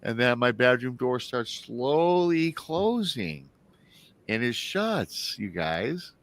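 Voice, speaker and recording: A man's voice: medium pitch, big pitch swings, takes it slowly, a bit bright, no room sound. A man in his forties hosting a live talk show, telling a story casually, with many restarts and asides to his listeners. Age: 40s. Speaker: show host.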